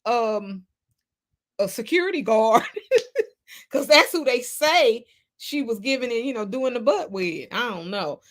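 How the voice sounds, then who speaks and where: A woman hosting a casual gossip livestream, sassy and animated, laughing often as she reads the chat. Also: on the high side, a little slow, long pauses. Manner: sassy, animated, laughs a lot, Southern Black American slang. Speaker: livestream host reading chat.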